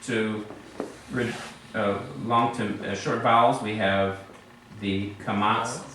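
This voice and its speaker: A man's voice: lowish voice, fairly even intonation, slow pace, pushed and bright, a little hiss or hum. A man teaching a Hebrew class, patiently explaining letters and vowels and quizzing his students. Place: classroom in a congregation building. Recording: very echoey room, mic far off.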